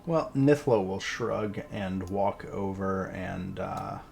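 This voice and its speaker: Slow, gravelly game master. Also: male voice, sits low, steady tone, darkish tone, a little hiss or hum. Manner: halting, with many fillers. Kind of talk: narrating a tabletop game.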